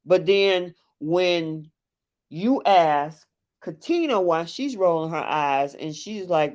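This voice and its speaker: A host on a live chat stream, breaking down a reality dating show with strong opinions and plain, direct talk. The voice sits at a middling pitch. They slip into quick impressions of what people said and then go straight back to their own verdicts. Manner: animated and opinionated, acts out what cast members said; reacts to viewers in the chat mid-talk.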